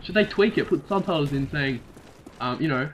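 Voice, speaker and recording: A man's voice: a little high, animated, a little fast, slight background noise, poor audio. A young man hosting a gaming channel, delivering a mock-serious rant over his gameplay and barely keeping a straight face. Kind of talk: casual gameplay commentary. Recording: game gunfire loud behind voice. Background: video game gunshots and clicks.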